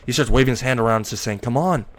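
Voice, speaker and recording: A man's voice: mid-range voice, fairly even intonation, rapid-fire, fairly bright tone. A man narrating an improvised fan story in a rambling way, often correcting himself.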